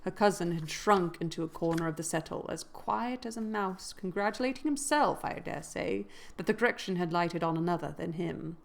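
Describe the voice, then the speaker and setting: A woman's voice: fairly low pitch, moderate pace, creaky, hardly any pauses. A woman reading a classic novel aloud. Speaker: reader.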